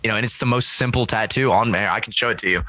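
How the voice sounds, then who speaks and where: A man talks casually, telling a story peppered with swearing and with "dude" and "bro" at the ends of his lines. His voice is bright, with a crisp edge. The sound is dry and close, with no room echo. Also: fairly low pitch, very fast. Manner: profane, storytelling, acts out quoted voices loudly. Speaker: guest. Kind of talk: casual chat.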